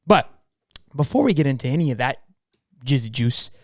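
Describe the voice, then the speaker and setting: A young man co-hosting a live sports podcast, talking fast and hyped with plenty of slang. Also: mid-range voice, sing-song, no echo, clean studio sound. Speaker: podcast co-host.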